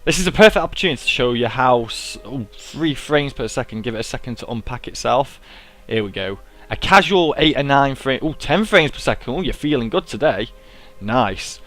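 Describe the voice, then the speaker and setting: A man's voice: mid-range voice, animated, moderate pace, fairly bright tone. A young man giving casual, self-mocking commentary as he plays a game, talking himself through each step. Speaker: gaming YouTuber. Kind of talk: casual let's-play commentary.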